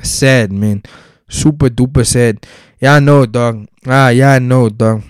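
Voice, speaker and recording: A man's voice: medium pitch, fairly even intonation, measured pace, smooth, dry recording, clean studio sound. A young South African man giving casual solo commentary, profane and heated, heavy with slang.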